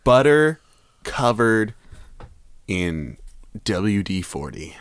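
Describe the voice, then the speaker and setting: Male podcast co-host, playful, unhurried delivery. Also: fairly low pitch, very animated, clean tone, no room sound, studio quality. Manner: joking, playful. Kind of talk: casual chat. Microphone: headset.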